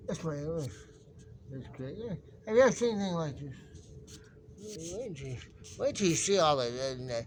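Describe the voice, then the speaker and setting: A man's voice: on the high side, background noise. A man rambling chattily to camera outdoors, repeating himself and talking to the birds, filming one-handed on a phone. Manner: chatty, repetitive, talks to birds. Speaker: vlogger. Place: outdoors on pavement. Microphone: phone camera held in one hand.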